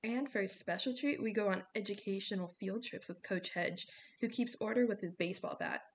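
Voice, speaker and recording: A woman's voice: medium pitch, a little hiss or hum, natural voice. A woman voicing a jokey, restless teenage boy full of wisecracks in a storybook reading. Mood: teasing. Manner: joking, fast-talking.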